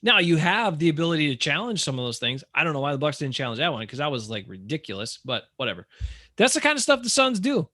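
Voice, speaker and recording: A man co-hosting a casual sports podcast, ranting in an animated, exasperated way. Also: fairly high pitch, quick pace, dry recording, studio quality. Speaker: podcast co-host.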